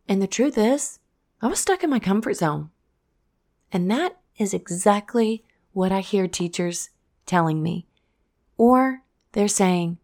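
A woman's voice: mid-range voice, a little slow, darkish tone. A woman hosting a podcast, talking in an earnest, encouraging way straight to her listeners. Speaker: podcast host. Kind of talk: casual podcast monologue.

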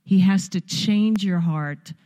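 A woman's voice: on the low side, takes it slowly, warm tone. A woman in her fifties with a Long Island accent, the visiting pastor's wife, giving an earnest, emphatic church exhortation. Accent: Long Island New York. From Long Island, New York. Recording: long hall reverb.

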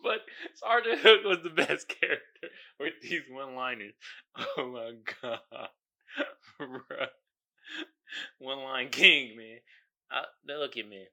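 A man hosting a casual solo podcast, riffing in an animated, exasperated way with lots of slang and laughter. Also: medium pitch, unhurried, pauses often. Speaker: podcast host.

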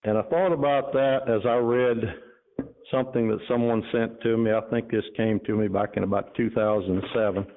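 A man's voice: mid-range voice, steady tone, normal speed. A man preaching a sermon to his congregation, mixing earnest exhortation with casual asides, then reading a story aloud. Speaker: pastor. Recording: tinny phone-like sound.

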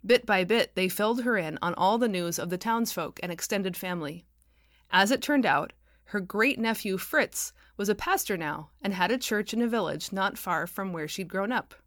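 A woman author narrating her own novel as an audiobook, wry and expressive. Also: medium pitch, normal speed, dry recording, clean studio sound.

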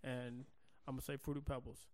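A man's voice: mid-range voice, level tone, fairly quick, darkish tone, no room sound. A man co-hosting a casual podcast chat, teasing his partner and laughing often, on a close studio mic. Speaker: podcast co-host.

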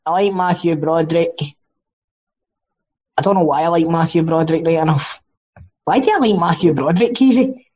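A man's voice: fairly high pitch, normal speed, pauses often, a little mellow, muffled recording. A Scottish man co-hosting a casual film podcast, chatty and jokey, swearing freely as he talks over movies. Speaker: podcast co-host.

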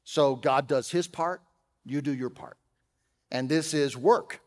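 A man preaching a sermon as pastor, conversational, with humorous asides, swinging from loud emphasis to quiet. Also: a little high, takes it slowly, big-room sound. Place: church auditorium.

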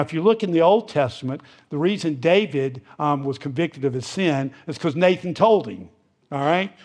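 Man, preacher, sermon, husky voice, a bit high-pitched, casual fillers, fervent emphasis. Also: a little mellow.

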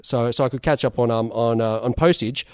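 A young adult man with an Australian accent, a toy seller talking through his case as an interview guest in a rambling, relaxed way with many fillers. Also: medium pitch, brisk, smooth, no room sound, studio quality. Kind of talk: casual interview talk.

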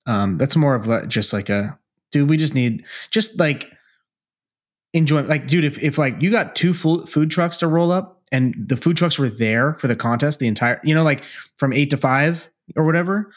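A man's voice: on the high side, normal speed. A man co-hosting a podcast, chatting casually in a rambling, laid-back, profane way. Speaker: podcast co-host. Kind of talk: casual chat.

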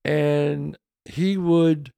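A man, hosting a podcast and telling a casual, animated anecdote that shifts into quoted voices. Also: a little high, very slow, gravelly, clear, resonant tone, no room sound. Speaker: podcast host. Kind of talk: casual storytelling.

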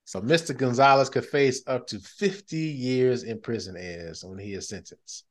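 A man hosting a podcast in casual chat, animated and breaking into loud excited bursts. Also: mid-range voice, normal speed. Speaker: podcast host.

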